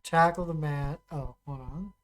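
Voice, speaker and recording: A streamer casually playing a text adventure, reading the story aloud and thinking out loud while typing, often pausing and restarting. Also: mid-range voice, low-quality recording. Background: keyboard typing and clicks.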